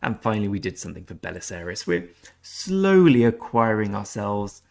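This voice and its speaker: Low-voiced man chatting over gameplay. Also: sing-song, moderate pace, creaky. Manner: chatty, self-deprecating. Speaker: gaming channel host. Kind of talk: gameplay commentary.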